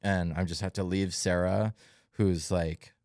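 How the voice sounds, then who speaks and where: Deep, flat-voiced young man. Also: no room sound, studio quality. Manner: reflective, halting, many fillers. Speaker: podcast co-host. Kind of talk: casual testimony chat.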